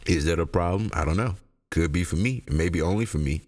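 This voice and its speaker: A young man, high and rambling through a casual, profane solo podcast rant. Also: a little fast, darkish tone. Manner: rambling, profane, laughs a lot. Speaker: podcast host.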